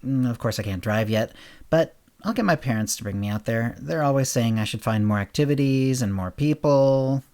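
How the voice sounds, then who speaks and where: A man hosting a podcast and narrating a short story, raising his voice for the characters' dialogue and dropping it low and quiet for the narration. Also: normal speed.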